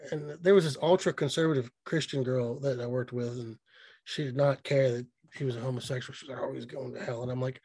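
A man's voice: mid-range voice, fairly even intonation, fairly quick, darkish tone, no echo. A man co-hosting a podcast, telling a rambling, profane story in casual chat. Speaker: podcast co-host.

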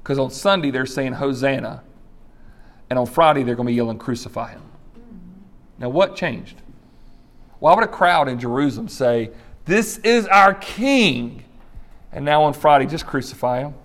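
A man's voice: medium pitch, a little fast. A man preaching a sermon, telling stories with acted-out voices and brief laughs. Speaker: pastor.

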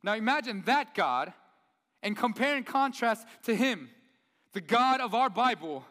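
High bright-voiced male preacher. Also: expressive, measured pace, in a large hall. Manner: conversational, asks the audience rhetorical questions. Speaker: pastor. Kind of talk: sermon.

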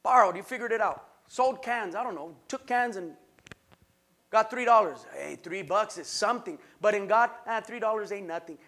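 High, bright-voiced impassioned male preacher. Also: moderate pace. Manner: impassioned preaching, shouting at peaks; rhythmic repetition, call-and-response. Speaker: pastor. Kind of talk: sermon.

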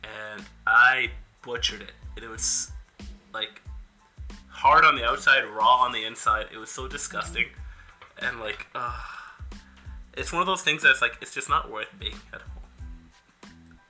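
A young man co-hosting a podcast in casual chat, joking and animated, often trailing off softly. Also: mid-range voice, a little slow, pauses often, faint music behind. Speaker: podcast co-host.

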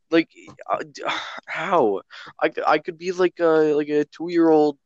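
A man's voice: fairly high pitch, a little slow, no room sound, highs cut off. Rambling young man telling stories. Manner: rambling storyteller, frequent restarts and throat clearing. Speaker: podcast co-host. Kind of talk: casual chat among friends.

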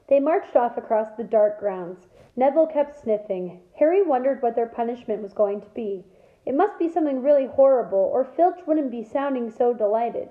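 A woman teacher reading a novel aloud to her class in a lively storytelling manner, in an echoey room heard over a thin, phone-like line. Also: on the high side, normal speed.

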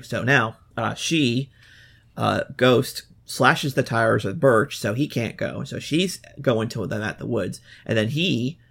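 A man hosting a casual podcast, recapping a film plot in a relaxed way with plenty of fillers. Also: medium pitch, creaky. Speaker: podcast host.

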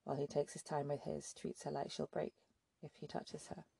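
Blunt, gravelly captor man, as a woman reads him. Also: sits low, flat delivery, moderate pace, warm tone, no room sound, exaggerated voice. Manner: blunt, curt. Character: gruff intense grown man, blunt captor.

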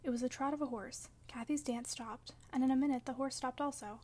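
A woman narrating a classic novel as an audiobook, in a measured, steady storytelling manner. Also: high-pitched. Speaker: audiobook reader.

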